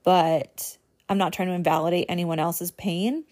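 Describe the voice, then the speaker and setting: A woman's voice: fairly low pitch, fairly even intonation, normal speed, darkish tone. A young adult woman hosting a personal vlog, talking in a casual, earnest way with many fillers. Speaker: host. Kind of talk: personal talk to camera.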